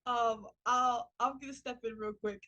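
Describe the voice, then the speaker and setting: A young woman hosting a podcast in casual chat, animated, swearing and laughing as she tells a story. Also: on the high side, moderate pace, muffled recording, background noise. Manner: animated, laughing, swearing, heavy use of filler words. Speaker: podcast host.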